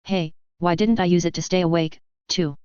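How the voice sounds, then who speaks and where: A woman reading fan fiction aloud, voicing an anxious but determined young witch who talks briskly and insistently, on a dull lo-fi recording. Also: on the low side, fairly even intonation, a little mellow, clean tone, dry recording, close to an everyday voice. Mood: worried, brisk.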